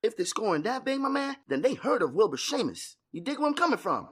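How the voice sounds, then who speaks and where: A man reading an audiobook voicing a conceited male drug kingpin with a high-pitched voice that cracks when excited and fast street slang. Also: husky, exaggerated voice. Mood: excited boasting. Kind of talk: audiobook character voice.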